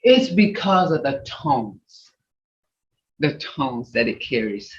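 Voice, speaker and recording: A language teacher on a video call who repeats words and swoops the pitch to show tones. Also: big pitch swings, slow. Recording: roomy, dull lo-fi video call audio.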